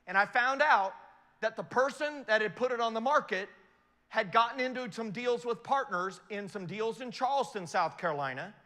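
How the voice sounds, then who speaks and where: Lively bright-voiced man telling a story. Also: high-pitched, in a large hall. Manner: animated storyteller, asks the audience questions. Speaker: investment speaker. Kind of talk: motivational talk to an audience.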